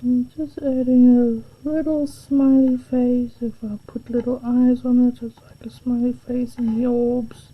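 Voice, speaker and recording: A woman from England, narrating a drawing tutorial as she works, soft-spoken and slipping into half-whispered asides. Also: on the high side, level tone, measured pace, hardly any pauses, breathy edge. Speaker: art tutor. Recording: dull lo-fi home recording.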